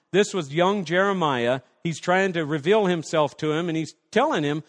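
Male pastor with a high voice, passionate sermon delivery, long church-hall reverb. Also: moderate pace, few pauses. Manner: passionate preaching with acted-out prayers and dialogue.

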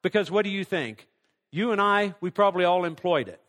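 A middle-aged male pastor preaching a sermon, swinging between loud emphatic lines and hushed near-whispers. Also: sits high, fairly quick. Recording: long hall reverb.

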